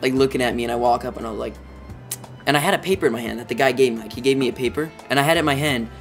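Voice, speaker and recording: A teenage boy vlogging a storytime, rambling and excitable, filling his talk with "like.". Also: mid-range voice, racing, soft background music. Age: teens. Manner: excitable, rambling, heavy use of "like". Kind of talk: storytime vlog.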